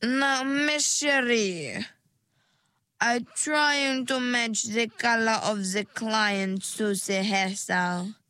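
Woman doing a grand, slow-talking mermaid stylist. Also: medium pitch, fairly bright tone, clean tone, dry recording. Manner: slow, drawn-out, grandly persuasive sales talk. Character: pushy theatrical mermaid hair stylist, female, middle-aged. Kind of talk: storybook character voice.

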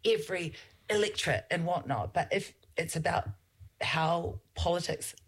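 A woman's voice: fairly low pitch, normal speed, husky. A middle-aged New Zealand woman, a politician talking as a podcast guest, telling stories in an earnest, advocating way. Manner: uses loose fillers and restarts. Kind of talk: casual interview talk.

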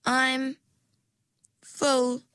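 A woman's voice: sits high, monotone, fairly bright tone, clear, resonant tone, no room sound, pitched above the performer's own voice, full character voice. Ringlet, a woman voicing a timid young mergirl. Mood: hesitant. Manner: hesitant, halting. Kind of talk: storybook reading.

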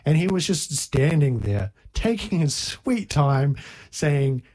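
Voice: medium pitch, big pitch swings, slow, darkish tone. A young adult chatting casually and telling an anecdote. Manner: chatty, laughing easily. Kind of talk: casual chat.

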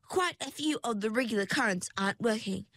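A breezy young mermaid who chirps along cheerfully, lifted high above the reader's own voice, played by a woman. Dry, close sound. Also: animated, a little fast, no echo. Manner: bright, raised, chirpy. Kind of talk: storybook narration.

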